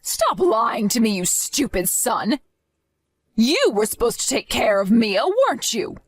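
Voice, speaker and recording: A woman's voice: fairly high pitch, big pitch swings, measured pace, slightly rough, no echo, full character voice. A woman voicing a stern grandmother in an acted story, demanding and scolding. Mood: angry. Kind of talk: scripted story acting.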